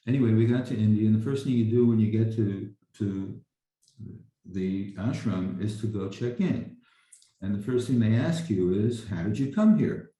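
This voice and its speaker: An older man with a deep, very mellow voice tells a personal story over a video call. He rambles, restarting often. The room around him is very echoey. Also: normal speed. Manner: rambling, with frequent restarts and fillers. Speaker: speaker sharing a memory.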